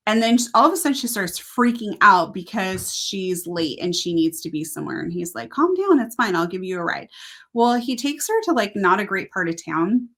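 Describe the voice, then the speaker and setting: A woman's voice: medium pitch, expressive, a little fast, a bit bright. A woman co-hosting a book review show, casually retelling a story with lots of "like" asides. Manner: retelling a plot with "like" and "he's like" asides. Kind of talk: casual chat.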